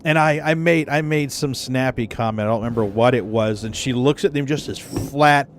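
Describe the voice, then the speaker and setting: A man with a medium pitch and normal speaking speed chats casually with viewers during a live game stream. Recovering from the flu, he laughs, swears freely and coughs when laughing, and a little hiss or hum is audible.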